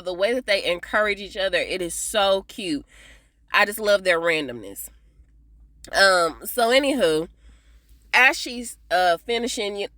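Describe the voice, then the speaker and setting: A woman recapping a TV episode in a casual, chatty way, animated and often laughing as she talks to her viewers. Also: mid-range voice, no room sound, studio quality. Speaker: TV episode reviewer.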